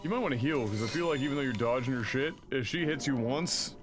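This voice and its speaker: A man's voice: medium pitch, animated, quick pace, over music. A man streaming a co-op game, chatting casually and reading news aloud with frequent fillers and swearing. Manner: profane, jokey, reads with frequent fillers.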